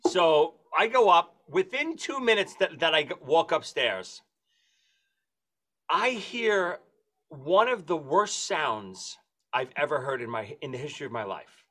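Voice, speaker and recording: A man telling a comic story among friends, acting out the voices of the people in it with shrill squeals. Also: animated, a little slow, a bit bright. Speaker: podcast host telling a story.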